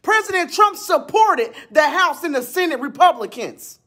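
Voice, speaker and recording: Furious high-pitched man ranting. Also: animated, normal speed. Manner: shouting, repetitive, blunt and profane. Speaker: video blogger. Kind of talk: angry political rant to camera.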